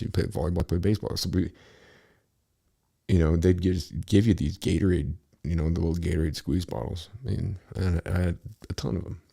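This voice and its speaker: A man with a very low, gravelly voice tells a winding story in casual talk. His tone is dark and mellow, and he wanders off topic and swears freely as he goes. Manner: rambling, profane, easily sidetracked.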